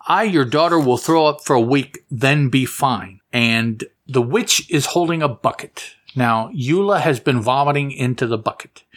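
A man's voice: medium pitch, fairly bright tone. Rambling chatty man reviewing comics. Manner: rambling, self-correcting, chatty. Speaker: comic book podcast host. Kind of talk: casual comic book review, reading aloud.

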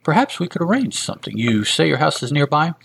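A man's voice: on the high side, big pitch swings, fast talker, gravelly, fairly bright tone, breathy edge, pitched above the performer's own voice, full character voice. A man doing a scheming debt collector who looks down on everyone. He talks smugly and slyly, with a leer in the voice.

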